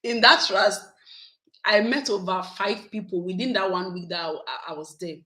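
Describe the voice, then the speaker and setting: A woman, chatting casually with her viewers in a vlog, animated and laughing often. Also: medium pitch, moderate pace, rough recording. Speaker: YouTube vlogger. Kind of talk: casual live chat with viewers.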